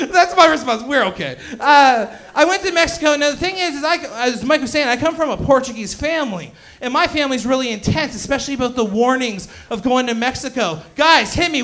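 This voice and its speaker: A man in his twenties doing a stand-up comedy set on a club stage, loud, crude and bantering with the crowd. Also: very high-pitched, lively intonation, normal speed. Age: 20s.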